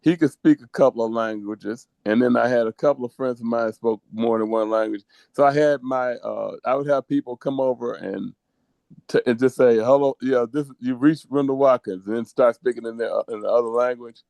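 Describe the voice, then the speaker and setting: A man's voice: medium pitch, fairly quick, gravelly, a little mellow, no echo. A middle-aged man co-hosting a casual podcast over a video call, telling rambling, sentimental stories. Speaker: co-host.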